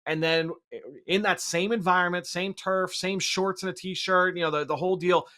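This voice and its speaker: Guy w a bright forceful voice, a bit high, rattling off draft stats on a live show. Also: fairly even intonation, normal speed. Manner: detailed, stat-heavy breakdown. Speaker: draft analyst.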